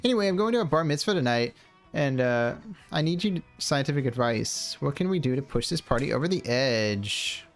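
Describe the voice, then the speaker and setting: A man voicing an excitable party-loving girl character in a raised, exaggerated voice, with faint music behind him. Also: medium pitch, normal speed, lightly acted. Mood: hyped. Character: brash dude party-girl Polly, hyped.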